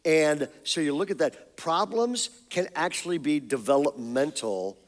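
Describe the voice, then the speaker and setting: Pastor, middle-aged male, light joking delivery, slightly raised pitch. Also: animated. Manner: joking, asks the crowd quick questions. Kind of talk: sermon. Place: church stage before an audience.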